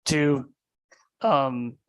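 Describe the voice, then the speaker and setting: A man's voice: mid-range voice, extremely slow, smooth, muffled recording. A man, a deputy commissioner, answering questions at a public hearing with lots of fillers. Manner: hesitant, many fillers.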